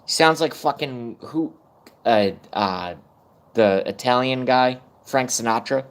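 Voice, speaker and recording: A man's voice: mid-range voice, slow pace, clean tone. A man in his thirties ranting on a live stream, rambling and self-mocking, swearing often. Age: 30s. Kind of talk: casual rant on a live stream.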